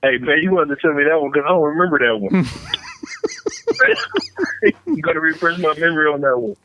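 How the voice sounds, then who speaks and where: Man, podcast guest, from Ohio, relaxed short answers, fairly high voice. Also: fairly quick, dull audio, a little hiss or hum. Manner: easygoing, short replies. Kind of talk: casual interview chat.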